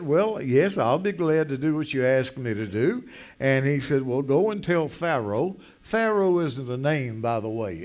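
An older man preaching a folksy sermon, acting out the voices of the people in his stories. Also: a little high.

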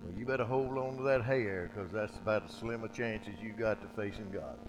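A man preaching a sermon, emphatic and repetitive, his loudness dropping low and swelling back up. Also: a little fast, noisy background. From United States.

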